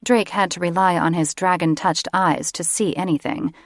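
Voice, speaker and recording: Low gravelly woman narrating fantasy. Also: normal speed, no room sound, clean studio sound. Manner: steady storytelling. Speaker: audiobook narrator. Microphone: close studio microphone.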